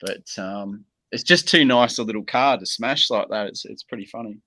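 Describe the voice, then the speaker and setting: Aussie guy on a call, laid back, lots of ums, kinda low but bright. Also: dry recording, rough recording. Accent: Australian. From Australia. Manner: laid-back, unhurried, many pauses and ums. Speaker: guest. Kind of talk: casual video-call interview.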